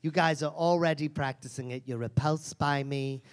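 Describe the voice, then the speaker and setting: A man's voice: fairly high pitch, steady tone, moderate pace, close to an everyday voice. A man performing a brash, foul-mouthed female self-help seminar guru in a live comedy character act, mocking and insulting the audience.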